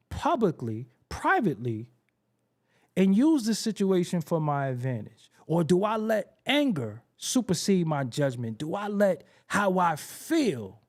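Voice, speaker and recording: A man hosting a hip-hop talk show, telling stories in a casual, streetwise way full of slang, repeats and emphatic asides. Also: fairly high pitch. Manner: frequent profanity and slang. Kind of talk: casual commentary monologue.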